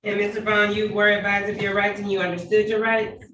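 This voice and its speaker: A woman judge running court proceedings over a video call, speaking in a measured, polite, procedural way. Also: medium pitch, level tone, fairly bright tone, muffled recording. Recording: echoey, distant, faint noise.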